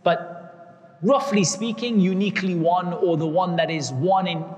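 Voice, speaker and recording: A man's voice: high voice, measured pace, a little mellow, big-room sound. A man giving a religious lecture, explaining terms patiently and repeating key words. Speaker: Islamic teacher.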